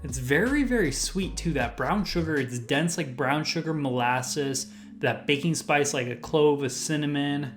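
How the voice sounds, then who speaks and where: A man's voice: on the high side, measured pace, faint music behind. A man hosting his own whiskey review channel, casually listing tasting notes with lots of "like" fillers. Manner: rambling lists of tasting notes, full of "like" fillers.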